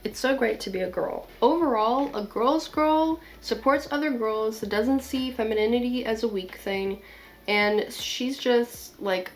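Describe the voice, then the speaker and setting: Chatty young woman vlogger. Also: fairly high pitch. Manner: chatty, blunt, swears casually, lots of "like". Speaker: video essayist. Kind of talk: casual commentary vlog.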